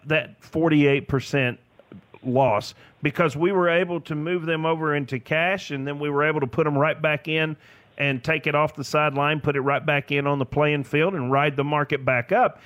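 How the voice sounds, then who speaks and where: A man's voice: fairly high pitch, moderate pace, a bit bright, no echo. A man, chatting enthusiastically as a financial advisor guest on a radio show. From Tennessee, US. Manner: enthusiastic, laughs often. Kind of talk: casual radio chat.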